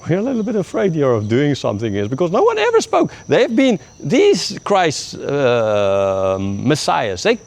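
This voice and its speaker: Animated male Bible teacher, lively pitch. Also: measured pace, hardly any pauses. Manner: animated, acts out quoted speakers, frequent "right?". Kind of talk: casual verse-by-verse Bible commentary.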